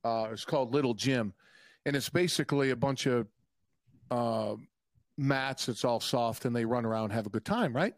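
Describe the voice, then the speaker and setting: A young adult man telling profane, animated stories in a casual podcast chat. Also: medium pitch, moderate pace, no room sound. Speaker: podcast guest.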